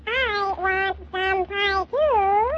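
A performer voicing a tiny, excitable male elf who repeats himself insistently, on a dull lo-fi recording. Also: extremely high pitch, extremely slow, full character voice. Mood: pleading. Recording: dull lo-fi recording with loud noise.

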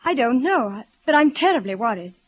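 An anxious, tender young woman, breathy, higher voice, old radio play. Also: very animated, moderate pace, no echo. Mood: worried. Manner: soft, often breathy and hushed. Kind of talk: 1940s radio acting.

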